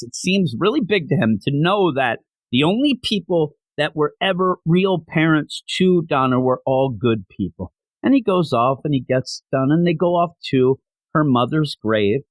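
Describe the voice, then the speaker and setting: A man with a fairly high voice hosts a podcast, recapping a comic book with enthusiasm, rambling and using many fillers. There's no room sound in the recording.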